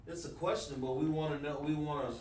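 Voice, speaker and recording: A man teaching a livestreamed language lesson, explaining slowly and repeating himself while talking to the chat. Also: a little high, fairly even intonation, a little mellow. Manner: slow, repetitive explaining, addresses the chat. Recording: roomy, mic at a distance, faint noise.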